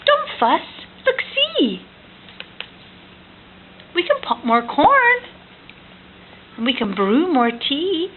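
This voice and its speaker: A squeaky, cheerful little mouse from a bedtime storybook, as a woman puts it on, fussing kindly over her guests in a high, bright sing-song. The sound is tinny and lo-fi like a phone line, with a faint hiss underneath. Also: wildly swooping pitch, slow pace, long pauses, full character voice. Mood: reassuring. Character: small fussing mouse host, cheerful and eager.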